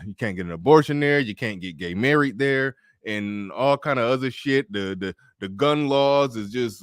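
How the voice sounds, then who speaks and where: A man hosting a casual political podcast, talking loosely with plenty of profanity and quick laughs. His voice sits at a middle pitch and sounds close and dry, with no room around it. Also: clean tone, no echo. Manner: loose, profane, laughs often, many restarts. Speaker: podcast host.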